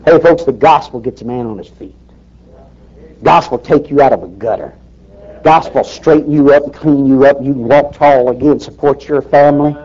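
A man's voice: mid-range voice, moderate pace, warm tone. A man preaching a fiery sermon in an emphatic, folksy way, firing rhetorical questions at the congregation. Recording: dull lo-fi recording.

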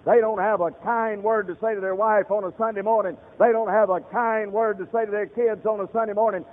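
Fiery high-voiced preacher on radio. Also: male voice, steady tone, fairly quick, long reverb tail. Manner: fiery, storytelling, direct address to the congregation. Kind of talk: sermon. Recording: tinny radio broadcast.

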